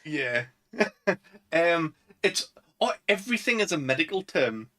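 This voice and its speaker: Chatty Northern English young man, bright. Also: on the high side, very animated, measured pace, rough recording. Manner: rambling, lots of "um" and "like". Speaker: podcast co-host. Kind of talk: casual chat.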